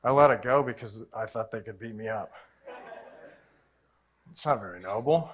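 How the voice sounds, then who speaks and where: A man's voice: on the low side, moderate pace. A man in his forties, a pastor telling a personal story in a sermon and acting out the voices in it. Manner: animated, acts out every voice in his story.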